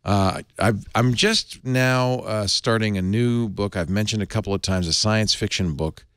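A man's voice: lowish voice, unhurried, a bit bright, clear, resonant tone, dry recording, studio quality. A middle-aged man hosting a tech talk show, chatting casually and reading an ad with restarts and asides. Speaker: podcast host.

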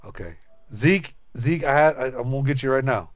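A man's voice: medium pitch, expressive, normal speed, no echo. A man chatting casually and profanely to viewers while streaming a game, rambling and joking. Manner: loose and profane, rambling, jokey. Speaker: gaming streamer. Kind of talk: casual live-stream chat.

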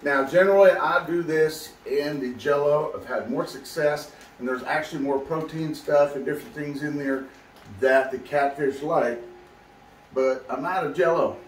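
A man's voice: on the high side, moderate pace, slight background noise. Folksy man showing a recipe. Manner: folksy and chatty, calls viewers y'all. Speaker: fishing channel host. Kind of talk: casual how-to video. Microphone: camera mic, filmed by a helper.

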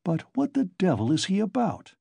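A man's voice: high voice, huge pitch swings, normal speed, vocal fry, dark tone, husky, no room sound, voice pushed up, heavily acted. A man reading the part of an impatient, grumbling middle-aged visitor waiting at a locked door, as an audiobook reader. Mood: irritated.

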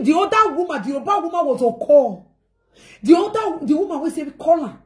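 A woman's voice: very high voice, lively intonation, fairly quick. A woman speaking Nigerian Pidgin English, telling a family story to her viewers in a dramatic way and acting out the voices of others. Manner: dramatic, acts out quoted voices, swings between shouting and murmuring. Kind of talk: animated storytelling.

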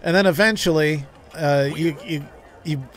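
A man's voice: a little high, normal speed. A man streaming a game, telling a long story in a rambling way with many restarts. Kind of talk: casual gameplay commentary.

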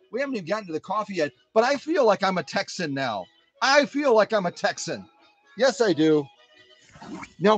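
A man from Wisconsin hosting a casual live stream from his home workshop, chatting to his viewers in an animated way. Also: high-pitched. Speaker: live-stream host of a sewing machine restoration channel.

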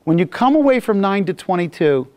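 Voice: mid-range voice, very animated, fairly quick, darkish tone. A Bible teacher giving a casual, joking classroom lecture and acting out the scenes while reading the text. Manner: jokey and conversational, acting out scenes.

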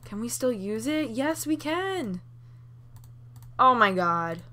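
A young woman hosting a Let's Play, reacting with excited laughs and swearing as she plays. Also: on the high side, slow, pauses often. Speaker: gaming channel host.

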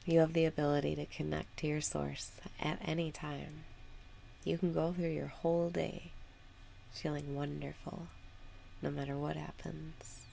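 A woman talks a listener through a guided meditation in a low voice. Her delivery is slow and calm, with a strong gravelly fry running through her speech. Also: a little hiss or hum.

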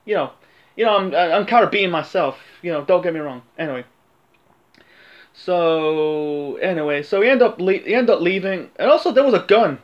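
A man's voice: high voice, dull audio. A man talking through a film review in a loose, hesitant way, with many fillers and restarts. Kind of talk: casual rambling film review.

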